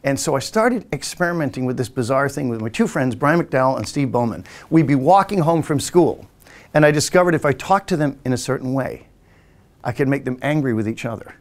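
Expressive and fairly quick, with a medium pitch, this sixtysomething Englishman tells rambling tales from his childhood on his podcast. He's a hypnotist as well as the host, and he does the voices of family members in a casual storytelling style.

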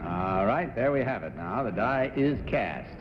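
A man hosting a game show, speaking smoothly and politely to the panel and the contestants. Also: medium pitch, expressive, unhurried, noisy background. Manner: smooth, polite, reads affidavits aloud. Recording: muffled 1960s broadcast audio in a large studio hall.

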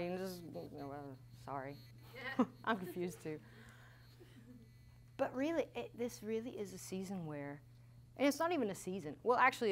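A woman worship leader in her thirties giving a candid, animated teaching talk at a church conference. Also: lowish voice, slight background noise. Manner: candid, animated storytelling with laughs.

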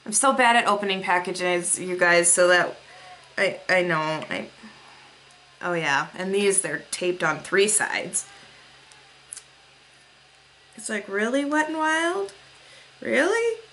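A woman's voice: fairly low pitch, slow, pauses often, bright, forceful tone, slight background noise. A young woman vlogger unboxing mail, gushing with gasps and breathless exclamations as she shows each item. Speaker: beauty vlogger.

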